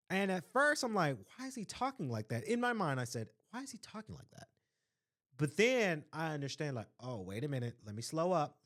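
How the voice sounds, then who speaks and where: A man hosting a casual solo podcast, speaking earnestly and with strong opinions, repeating phrases for stress and often asking "right?". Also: mid-range voice. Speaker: podcast host.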